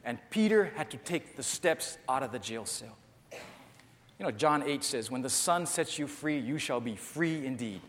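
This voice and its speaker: A man's voice: medium pitch, animated, measured pace, fairly bright tone. A male pastor preaching a sermon to his congregation, emphatic and repetitive, pressing the listeners directly. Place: church before a congregation. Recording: long hall reverb.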